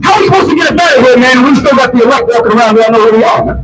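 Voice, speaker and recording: A man preaching outdoors in a call and response style, shouting, calling for scripture readings and repeating each line back, ending his phrases with "man" and "right?". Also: very high voice, rapid-fire, far from the mic, a loud crowd, heavy background noise. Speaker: street preacher.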